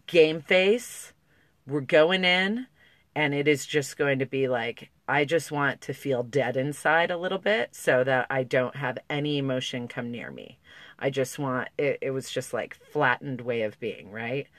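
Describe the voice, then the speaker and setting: A woman's voice: very deep voice, moderate pace, no echo. A woman talking candidly to camera, emotional and close to tears, with lots of likes and restarts. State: on the verge of tears. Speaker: parenting vlogger. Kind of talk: casual talk to camera.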